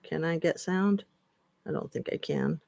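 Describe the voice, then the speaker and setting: Slow-talking woman livestream host. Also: deep voice, creaky, a little mellow. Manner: chatty, scattered, reacting to comments. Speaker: channel host. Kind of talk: casual livestream chat.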